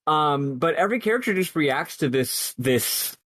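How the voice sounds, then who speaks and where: In clean, echo-free studio sound, a podcast co-host discusses a game casually but earnestly and at length, thinking aloud analytically and restarting often. His voice is a little high, expressive and fairly bright, at a moderate pace.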